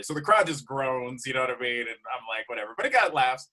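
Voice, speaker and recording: A man, a comedian guest, telling a road story in a casual, animated way with frequent laughs. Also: mid-range voice, fast, few pauses.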